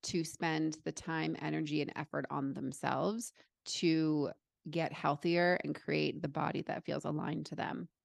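Gravelly-voiced woman podcast host. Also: deep voice, fairly even intonation, a little slow, no room sound. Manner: warm-hearted, enthusiastic, affirming. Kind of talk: conversational interview.

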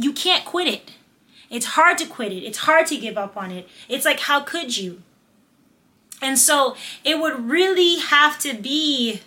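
A woman hosts a faith-based motivational podcast in a high, ringing voice. She talks with fervent, repetitive, preacher-like encouragement, slipping into casual slang as she urges her listeners on. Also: bright, forceful tone. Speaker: podcast host.

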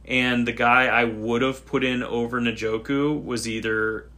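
A man's voice: medium pitch, unhurried. A man chatting casually, animatedly recounting a dispute and reading out messages. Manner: animated storytelling, reads out chat messages. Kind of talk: casual chat.

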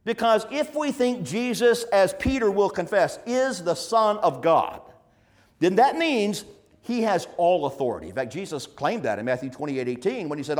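Male preacher, high-pitched, animated delivery; earnest sermon with pointed questions. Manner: earnest, emphatic, with rhetorical questions.

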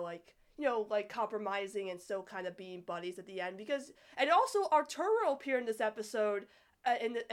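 A young woman in casual chat about a cartoon episode, ranting in an animated, exasperated way and filling her talk with "like". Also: medium pitch. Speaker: podcast co-host reviewing a cartoon.

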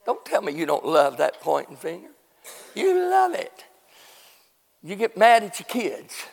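A man preaching a revival sermon as pastor. He moves from quiet teaching to shouted preaching and coaxes the congregation to answer back. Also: a little high, expressive, normal speed, creaky, long reverb tail. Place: church sanctuary.

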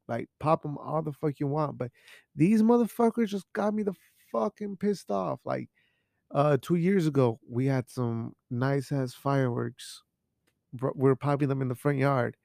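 Profane rambling young man, gravelly voice. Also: on the high side, moderate pace, a little mellow, no room sound, clean studio sound. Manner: profane, rambling, mixes in Spanish words. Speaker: podcast host. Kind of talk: casual chat. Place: home studio.

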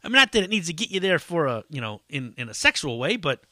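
A man's voice: fairly high pitch, big pitch swings, fast talker, sharp tone, no echo, clean studio sound. A man hosting a solo podcast in a casual, rambling, profane way with lots of fillers. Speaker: podcast host.

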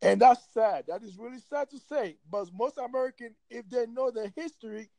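A man's voice: very high-pitched, brisk, darkish tone, no echo, poor audio. A man in casual chat, ranting in a heated, emphatic and profane way.

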